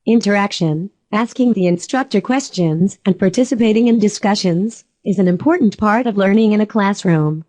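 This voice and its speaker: Calm woman narrating a lesson, warm mellow voice. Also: mid-range voice, moderate pace, few pauses, dry recording. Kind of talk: scripted narration.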